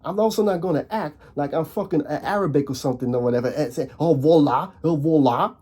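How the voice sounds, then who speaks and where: Fired-up man ranting, dark voice. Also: lively intonation, fast, slightly rough. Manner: fired-up, voice jumps high on emphatic points; frequent restarts and repeated words. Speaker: video host. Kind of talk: casual rant to camera.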